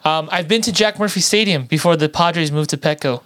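A man co-hosts a sports podcast in loose, rambling chat full of fillers and restarts. His voice sits a little high and comes through smooth and clear. The sound is dry and close. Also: a little fast, a bit bright, dry recording. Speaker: podcast co-host. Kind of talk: casual chat.

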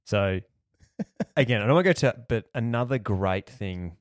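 An Australian man on a podcast, rambling casually with plenty of "like" and "you know". His voice sits fairly low and the sound is dry and close. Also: expressive, moderate pace, dry recording. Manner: rambling, lots of likes and you-knows. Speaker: podcast host. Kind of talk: casual chat.

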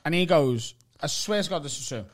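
A young man with a Liverpool accent tells a story in loose podcast banter. His voice sits a little high for a man. He acts out the other people's voices and swears freely. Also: animated, fairly quick. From Liverpool, England. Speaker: comedian, podcast co-host. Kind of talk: casual storytelling chat.

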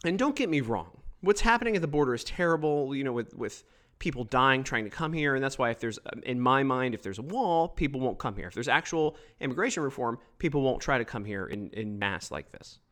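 A man giving opinionated solo political commentary, emphatic and quick to mock others. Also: medium pitch. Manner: emphatic, animated, mocking quoted voices.

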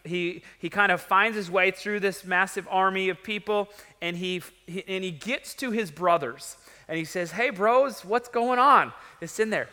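Bright, high-voiced man preaching animatedly. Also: clear, resonant tone, in a large hall. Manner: animated storytelling with acted-out quotes. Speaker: pastor. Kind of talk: sermon.

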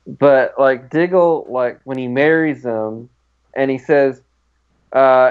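A man's voice: medium pitch, slow, clean tone, phone-quality sound. A man co-hosting a casual podcast chat, an eager fan who talks with many fillers. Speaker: podcast co-host.

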